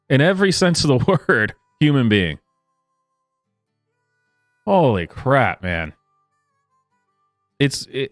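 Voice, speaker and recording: A man's voice: medium pitch, dry recording, studio quality. A man hosting a reaction commentary, incredulous and sarcastic, with frequent exclamations. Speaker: commentary host.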